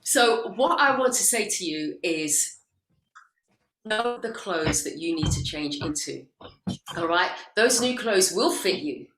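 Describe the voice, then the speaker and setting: A woman's voice: lowish voice, expressive, takes it slowly, fairly bright tone, reverberant, soft background music, poor audio. A woman guest speaker giving an earnest motivational talk on a video call, speaking straight to parents. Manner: earnest, preachy, addresses parents directly.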